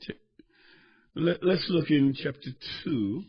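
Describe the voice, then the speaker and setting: Man, preacher, husky voice, fairly high, impassioned sermon, dull lo-fi recording. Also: expressive, slow pace. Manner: impassioned, swings between shouting and quiet teaching.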